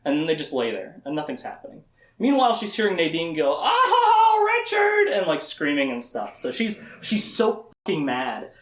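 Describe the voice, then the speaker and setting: Man, podcast book recap, animated rambling delivery with laughs, roomy echo. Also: medium pitch. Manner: rambling recap with laughs and quoted character voices. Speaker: podcast host. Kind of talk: casual book discussion.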